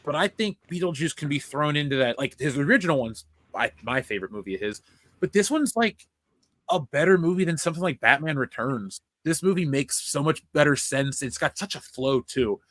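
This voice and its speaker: A young man co-hosting a casual film review chat, excitable and rambling, swearing freely. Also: fairly high pitch, fairly quick, no echo. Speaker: podcast co-host.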